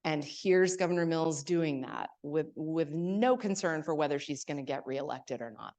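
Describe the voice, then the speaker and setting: Casting: low-pitched woman author at a library talk, hesitant and chatty. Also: moderate pace, a little mellow. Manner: hesitant, many fillers and restarts, storytelling.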